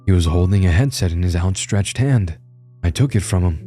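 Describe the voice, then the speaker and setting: Deep-voiced man narrating a horror story. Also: lively intonation, a little fast, mellow, soft background music. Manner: tense, grim storytelling.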